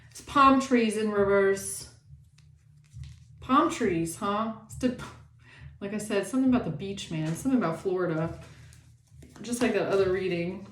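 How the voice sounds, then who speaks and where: A woman giving a casual tarot reading, animated and sassy, swearing often and acting out the people she talks about. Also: medium pitch, normal speed, reverberant, slight background noise. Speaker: tarot reader.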